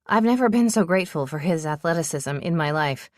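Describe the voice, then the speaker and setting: A woman's voice: low voice, fairly quick, few pauses, no echo, clean studio sound. A woman narrating a romance audiobook in first person, telling the story with breathless urgency.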